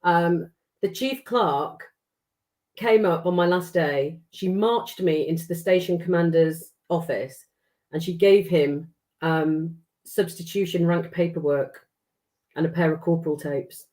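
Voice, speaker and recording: A woman's voice: fairly low pitch, measured pace, a little mellow. A middle-aged woman from England, chatting casually as a podcast guest, swearing freely and acting out the dialogue in her stories. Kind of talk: casual storytelling chat.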